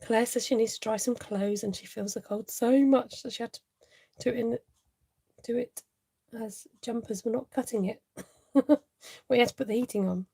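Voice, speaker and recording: A woman's voice: a little high, normal speed, creaky, pauses often, dark tone, breathy edge. A woman hosting a live card-making tutorial, chatting to viewers and laughing often as she works.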